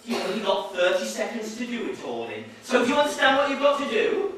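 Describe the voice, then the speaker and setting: Pushy, bright-toned stage game show host, recorded from afar in a ringing hall. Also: male voice, high-pitched, sing-song, quick pace. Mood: gushing. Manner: showy, bossy, speaks down to the contestant. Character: brash male game show host Bob, pushy and patronizing. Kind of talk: improvised stage play. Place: theatre stage. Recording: echoey theatre from far off, faint music.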